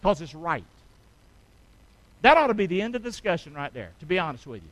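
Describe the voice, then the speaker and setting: High, animated middle-aged preacher man. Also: quick pace, long pauses, no room sound, poor audio. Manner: call-and-response preaching, asking the congregation for amens. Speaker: pastor. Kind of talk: sermon.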